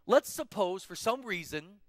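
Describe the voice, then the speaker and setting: A man teaching a children's church lesson in a playful, animated storytelling manner. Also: high-pitched, a little slow, no echo. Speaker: children's pastor.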